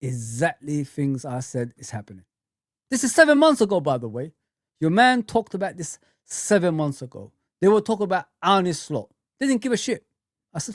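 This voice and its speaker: A man's voice: high voice, very animated, fairly quick, no echo, studio quality. A man hosting a football fan livestream, ranting heatedly with lots of swearing and repetition, then chatting with viewers. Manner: heated, swearing, repeats himself. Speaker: football fan channel host. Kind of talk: livestream rant and chat.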